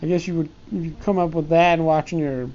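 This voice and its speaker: A man's voice: fairly high pitch, steady tone, fairly quick, a little mellow, highs cut off. A man talking to his pet ant in a casual, meandering stream-of-consciousness monologue, often breaking off and chuckling.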